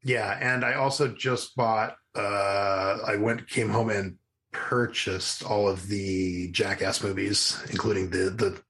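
A man's voice: fairly low pitch, steady tone, takes it slowly, a bit bright. A man co-hosting a podcast, chatting casually and rambling with lots of restarts and laughter. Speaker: podcast co-host. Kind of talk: casual chat.

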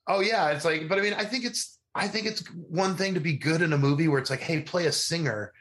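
A man's voice: on the high side, fast talker, a bit bright. A man co-hosting a podcast, chatting casually and rambling with lots of restarts and laughter. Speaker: podcast co-host. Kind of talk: casual chat.

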